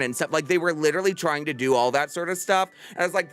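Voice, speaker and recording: A man in his thirties chats casually with viewers on a livestream, bubbly and theatrical, breaking into playful screams. His slightly high voice is animated, fairly quick, fairly bright, clear and resonant, with faint music in the background.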